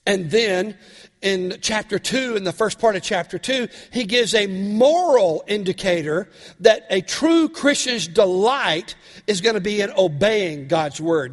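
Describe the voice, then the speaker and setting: A male pastor preaching a sermon, animated and often asking his congregation questions. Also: sits high. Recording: long hall reverb.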